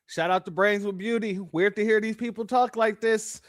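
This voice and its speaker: A man's voice: high voice, steady tone, normal speed, dry recording, studio quality. A man hosting reaction commentary, talking bluntly and sardonically to his viewers. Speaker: commentary host.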